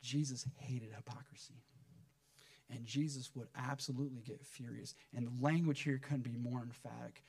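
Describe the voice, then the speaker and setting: A man preaching a sermon to his church, animated, acting out the people he quotes and swinging between loud emphatic lines and hushed ones. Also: mid-range voice, moderate pace, vocal fry, no room sound. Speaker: pastor.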